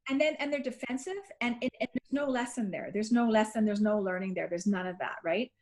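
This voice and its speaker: A woman's voice: on the high side, fairly quick, darkish tone. A woman parenting coach talking earnestly on a video call, often repeating herself and acting out what she and her child said. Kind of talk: casual webinar chat.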